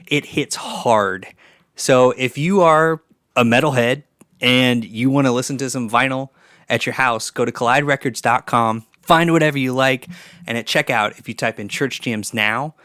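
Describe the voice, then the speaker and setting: A man's voice: medium pitch, fairly bright tone, no room sound, clean studio sound. A man hosting a casual podcast, rambling loosely with lots of fillers and laughs. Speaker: podcast host. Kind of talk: casual podcast chat and read sponsor ad.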